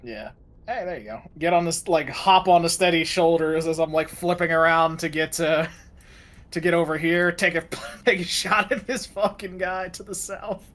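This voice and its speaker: A man's voice: a little high, fairly even intonation, normal speed, a bit bright. A man playing a tabletop game, talking casually and a little hesitantly. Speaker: player.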